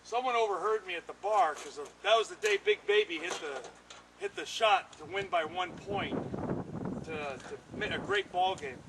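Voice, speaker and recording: An older man and retired pitcher, an interviewee who tells casual stories in an animated way and acts out what other people said. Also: normal speed, creaky, background noise. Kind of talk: casual anecdotal storytelling. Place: home bat workshop.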